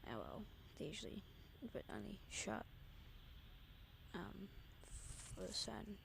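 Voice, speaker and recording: Scottish woman streamer, gravelly, rambling chat that slips into half-whispers, faint background hum. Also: medium pitch, sing-song, slow pace. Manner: rambling and chatty, often dropping to a half-whisper. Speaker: live planespotting streamer. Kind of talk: casual live-stream chat.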